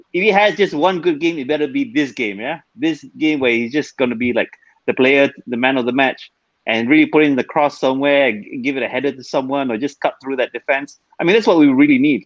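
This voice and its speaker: A man's voice: fairly high pitch, no room sound. Cheerful man on a dry muffled call. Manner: cheerful, laughs between points. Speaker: podcast guest. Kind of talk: casual chat.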